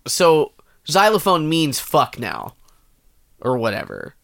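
A man co-hosting a podcast, bantering casually and joking with quick asides. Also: fairly high pitch, creaky. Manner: lively, jokey, quick asides. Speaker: podcast co-host.

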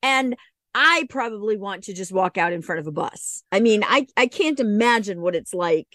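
A woman's voice: medium pitch, lively intonation, moderate pace, sharp tone, dry recording. Woman co-host chatting, dry mic. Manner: sympathetic, laughing along. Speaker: podcast co-host. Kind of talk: casual chat.

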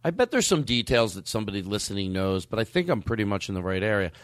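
A middle-aged man talks in a loose, joking podcast chat. His voice jumps all over in pitch as he acts out other people's lines and breaks into laughter. The recording is close and dry. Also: quick pace, no echo. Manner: animated, acts out quotes, laughs a lot. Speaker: podcast host. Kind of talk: comedic casual chat.

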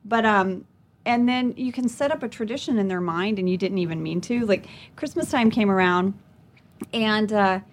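A woman from Louisiana, a guest on a comedy talk show, telling stories in a lively chatty way and acting out the people she quotes. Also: medium pitch, normal speed. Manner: animated storyteller, acts out quoted voices. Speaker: podcast guest. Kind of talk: casual chat.

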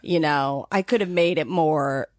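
A woman's voice: sits low, a little slow, no room sound, studio quality. Playful theatrical woman podcast guest. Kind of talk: playful improv banter.

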